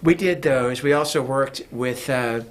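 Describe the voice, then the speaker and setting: A man's voice: medium pitch, a little slow. A man talking as a guest in a casual interview, rambling with many fillers and restarts. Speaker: guest, music producer.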